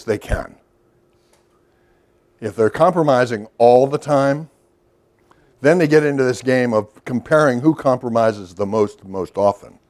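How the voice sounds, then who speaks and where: A man's voice: mid-range voice, darkish tone. Middle-aged man lecturing conversationally. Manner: conversational storytelling with rhetorical questions and asides. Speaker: workshop lecturer. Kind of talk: recorded lecture to a professional audience.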